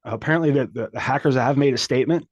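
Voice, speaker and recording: A man co-hosting a comedy podcast, talking in a halting, mock-serious way with lots of restarts. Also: mid-range voice, breathy edge, dry recording, muffled recording. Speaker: podcast co-host. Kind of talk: casual comedic banter.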